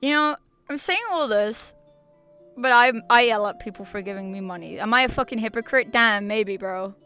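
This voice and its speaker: A woman's voice: fairly high pitch, moderate pace, pushed and bright, clear, resonant tone, soft background music. A young woman streamer chatting casually to her viewers, rambling with restarts, slang and laughter. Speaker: VTuber streamer.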